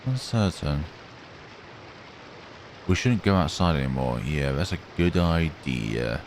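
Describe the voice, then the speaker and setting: A man's voice: a bass voice, animated, slow pace, slight background noise. A man narrating a horror game playthrough, musing and reading the on-screen text aloud. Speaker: gamer. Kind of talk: let's play commentary.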